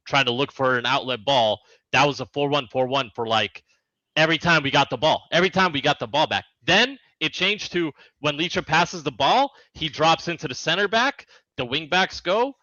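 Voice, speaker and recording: Bright, blunt man with a muffled sound. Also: medium pitch, no room sound. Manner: blunt, jokey. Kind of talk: casual chat.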